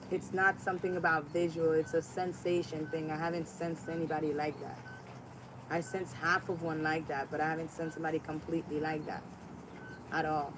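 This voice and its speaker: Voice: medium pitch, flat delivery, fairly quick, background noise. A spiritual vlogger giving an emphatic motivational monologue, repeating lines for effect and throwing in sassy asides.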